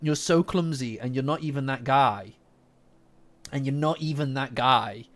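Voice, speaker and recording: A man voicing a sneering bully who berates his friend in slow, contemptuous drawls. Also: medium pitch, soft background music, pitched below the performer's own voice, lightly acted. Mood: scornful.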